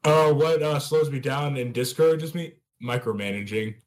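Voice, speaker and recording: A man's voice: mid-range voice, normal speed. An American man co-hosting a casual podcast, blunt and swearing freely, griping with humor. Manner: blunt, swears a lot, gripes with a grin. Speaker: podcast co-host. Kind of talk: casual chat.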